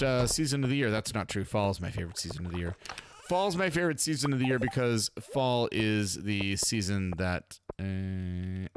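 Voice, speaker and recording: A man's voice: lowish voice, noisy background. A man hosting a casual let's play, chatting in a rambling, talkative way and laughing often. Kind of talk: casual gameplay commentary.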